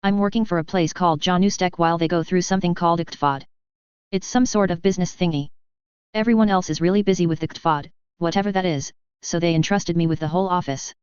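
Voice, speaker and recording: Lady doing a super excited naive alien guy, smooth voice, kinda dull audio. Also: lowish voice, quick pace, dry recording, natural voice. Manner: excited, bubbly. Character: eager naive young male alien office worker.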